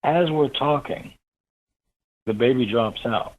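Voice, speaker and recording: A man as an interview guest, telling a story in an animated way that rises with excitement. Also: medium pitch, takes it slowly, rough recording.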